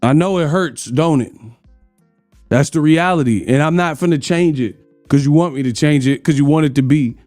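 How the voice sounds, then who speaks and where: A man's voice: on the high side, moderate pace, a little mellow, no room sound, faint music behind. A man hosting a casual boxing live stream, talking trash in loose slang and laughing at his chat. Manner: loose slangy trash talk, laughing, breaking into sung bits. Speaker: boxing commentary host.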